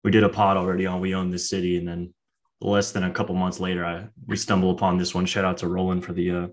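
A man's voice: sits low, completely flat delivery, fast. A man co-hosting a podcast, talking in a laid-back, chatty way with lots of casual filler. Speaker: podcast co-host. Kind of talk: casual chat.

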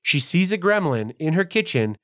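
Excitable swearing man in podcast chat. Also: on the high side, normal speed. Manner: swearing, excitable, ramps up when telling stories. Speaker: podcast co-host. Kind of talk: casual comedic chat, reading notes.

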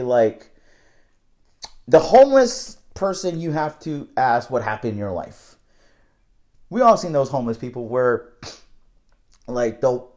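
A man's voice: fairly high pitch, a little mellow. A young man telling a casual, candid story about his night-shift work, rambling and swearing freely.

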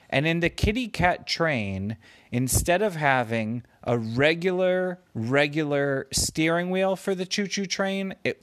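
A man spins an improvised bedtime story slowly and playfully, his voice rising and falling with plenty of movement. He wanders from one silly detail to the next. The sound is close and dry. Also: medium pitch, no echo. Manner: meandering, gently playful.

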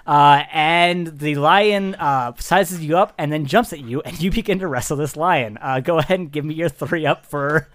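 A game master narrating a tabletop game in a giggly, rambling, animated way. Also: mid-range voice, normal speed, few pauses.

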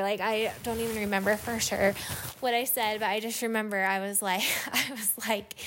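Chatty mom rambling through a story, says like a lot, middle pitch. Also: female voice, fairly even intonation, a bit bright. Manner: rambling, heavy use of "like", quick asides. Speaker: adoptive mother and podcast guest. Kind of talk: casual storytelling.

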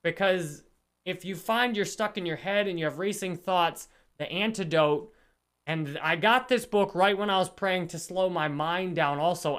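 A man's voice: fairly high pitch, fairly bright tone, smooth. A man hosting a casual livestream book discussion, talking earnestly and greeting viewers in the chat. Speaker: livestream host.

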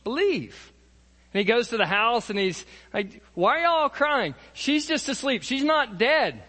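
A man voicing Jesus as a gentle, compassionate adult man who speaks softly and reassuringly. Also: extremely high pitch, very animated, unhurried, in a large hall, pitched above the performer's own voice, full character voice. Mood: tender.

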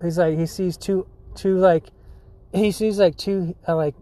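High, mellow-voiced man, rambling laid-back podcast host, cusses a lot. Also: steady tone, a little slow, no room sound. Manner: rambling, full of likes, dudes and swearing; laughs often. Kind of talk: casual storytelling.

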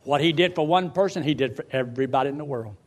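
An older man preaching a sermon, swinging from loud outbursts to low, quiet pleading. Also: quick pace.

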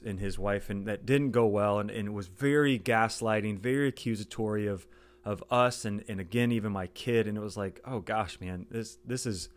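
A middle-aged man hosting a podcast, telling a personal story in an earnest monologue that halts and restarts often. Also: on the low side. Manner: earnest, halting with frequent restarts. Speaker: podcast host.

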